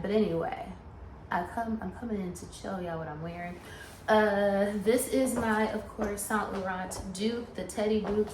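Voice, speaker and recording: A woman, chatting excitedly and gushing in a casual vlog, swearing freely. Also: on the low side, slight background noise. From Atlanta, US South. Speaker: vlogger.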